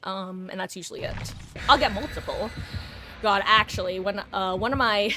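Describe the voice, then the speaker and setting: A woman's voice: medium pitch, moderate pace, over music. Chatty woman streamer rambling while gaming. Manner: chatty, rambling, animated with sudden shrieks. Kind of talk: casual live-stream chat while gaming.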